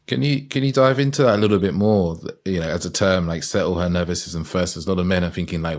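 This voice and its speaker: A man's voice: low-pitched, quick pace, few pauses. A man hosting a podcast interview, reflective and searching for words as he summarizes his guest's points. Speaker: podcast host.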